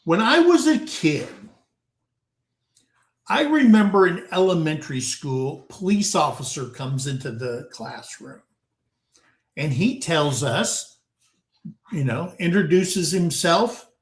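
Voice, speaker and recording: A man from the United States in his sixties hosts a casual panel chat over a video call, recalling a story from his youth in a folksy way and repeatedly calling his listeners guys. His fairly high, lively voice moves slowly with long pauses, and the room is roomy and echoing.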